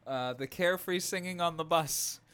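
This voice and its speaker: A podcast co-host with a slightly high, fairly bright, clean-toned voice rambles through casual chat. He keeps breaking into laughter and has the hiccups.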